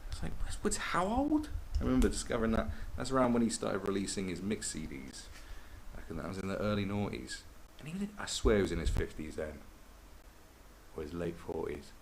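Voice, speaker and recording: A man's voice: low voice, big pitch swings, fairly quick, creaky, a little hiss or hum, rough recording. A man hosting a podcast, telling rambling, sweary stories in a casual monologue.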